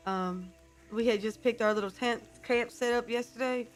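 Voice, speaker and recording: A woman's voice: a little high, fairly even intonation, normal speed, soft background music. Chatty woman streamer with a put-on accent. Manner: holding a put-on character accent, chatty with fillers. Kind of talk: casual chat to stream viewers.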